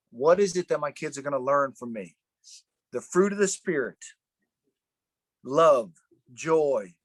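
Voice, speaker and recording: A man's voice: a little high, no room sound. A middle-aged man leading a Bible study, preaching informally in a fervent, conversational way and often repeating himself. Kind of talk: informal sermon.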